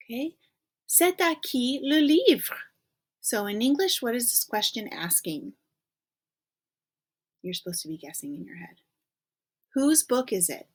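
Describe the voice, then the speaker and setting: A woman teaching a recorded French lesson in English, patiently prompting students to think and checking in with frequent okays. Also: mid-range voice.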